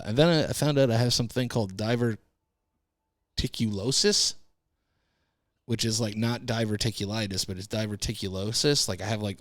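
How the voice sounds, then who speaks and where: A man's voice: on the low side, dry recording, studio quality. A man hosting a podcast, telling a casual rambling story and cursing freely. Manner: rambling, swears freely, laid-back storytelling. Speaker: podcast host. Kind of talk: casual monologue.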